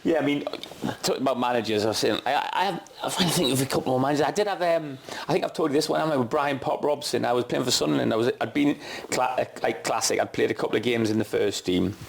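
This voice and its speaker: A middle-aged man, a former footballer, telling a self-mocking story quickly on a casual podcast. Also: medium pitch, vocal fry. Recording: noisy with clicks.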